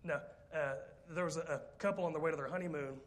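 Speaking fast in a fairly high voice, a male preacher tells a story in his sermon with jokes and rambling asides. He's lively throughout and addresses questions directly to the congregation.

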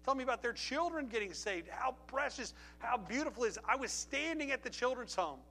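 A man's voice: very high voice, very animated, a little fast, bright, forceful tone. A middle-aged man preaching a sermon, telling stories with emphasis and repeating phrases before an altar call. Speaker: pastor.

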